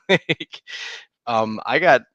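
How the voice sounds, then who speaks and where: A man's voice: mid-range voice, animated, very slow, fairly bright tone, no echo, lo-fi sound. A man co-hosting a podcast, talking animatedly about parenting, laughing and acting out his kids' lines. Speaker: podcast co-host. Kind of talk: casual chat.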